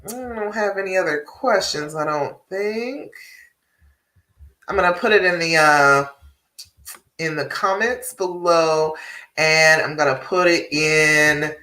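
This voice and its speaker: A woman relationship coach talks to her live-stream audience in a bright, sharp voice. She is direct, frank and encouraging, often checks in with her listeners and laughs easily. She sits a little back from the mic in an echoey room. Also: low voice, distant mic. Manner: direct and encouraging, tag questions like "all right?".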